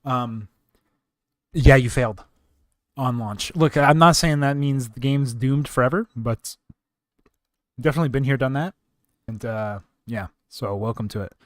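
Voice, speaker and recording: A man on a casual livestream, mocking a video he is reacting to with sarcastic asides. His voice sits at a middle pitch. The sound is dry and close to the mic. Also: a little slow, pauses often, dry recording. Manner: sarcastic, joking, talks back to the video. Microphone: close desk mic.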